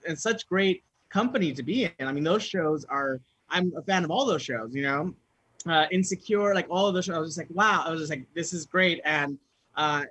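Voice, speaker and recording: A young man from Southern California chatting as a guest, telling stories with lively high-pitched acted-out reactions. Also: no echo. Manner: animated storyteller, jumps into high-pitched quoted reactions. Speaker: guest actor. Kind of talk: casual chat.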